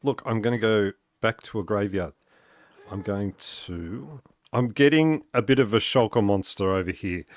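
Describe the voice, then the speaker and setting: A man's voice: lowish voice, normal speed, dry recording. A man chatting casually on a gaming live stream, rambling with many fillers and restarts and chuckling often as he talks. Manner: chuckles often while talking.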